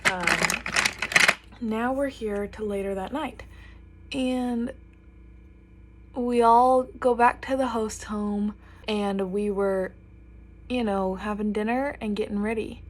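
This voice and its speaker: Getting ready on camera, a chatty young vlogger tells a storytime, acting out what others said with lots of animation. She speaks at a slow pace in a medium pitch, leaving long pauses.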